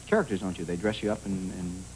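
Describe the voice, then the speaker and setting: A man's voice: lowish voice, very animated, rapid-fire, a little mellow, a little hiss or hum, poor audio. A man hosting a television talk show, joking and hesitant as he interviews a guest. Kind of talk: casual TV interview.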